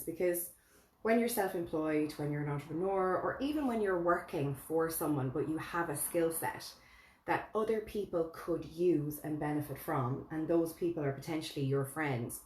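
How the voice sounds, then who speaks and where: A woman co-hosting a casual live chat, expressive and quick to laugh. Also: sits low. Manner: chatty, laughs easily, expressive. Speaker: co-host. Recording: echoey room.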